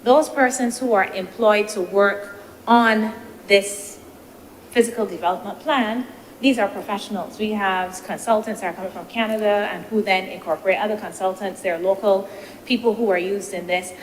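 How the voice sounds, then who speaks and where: A woman's voice: medium pitch, fairly even intonation. Woman senator in a reverberant chamber. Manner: measured, deliberative, poses rhetorical questions. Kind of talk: parliamentary debate speech. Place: legislative chamber. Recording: reverberant chamber with faint noise.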